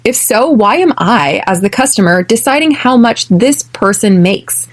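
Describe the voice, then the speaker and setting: A young American woman from California, hosting an English lesson podcast and speaking clearly and deliberately, slowing down for drills. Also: on the high side, expressive. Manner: clear, deliberate, slows for repeat-after-me drills. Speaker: podcast host, English teacher.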